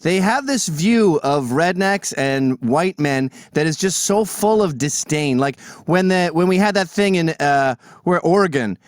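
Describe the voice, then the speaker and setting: Canadian-born male host, opinionated casual chat, high pitch, very dry close sound. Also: lively intonation, measured pace, hardly any pauses, no room sound. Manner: opinionated, acts out quoted voices. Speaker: show host. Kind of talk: casual talk show chat.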